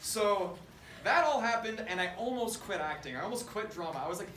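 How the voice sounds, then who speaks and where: A young man doing stand-up storytelling on stage, animated and self-mocking. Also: high-pitched, a little fast, crowd noise. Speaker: stand-up comedian. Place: comedy stage before an audience. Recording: roomy stage, far mic, loud laughter. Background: audience laughter.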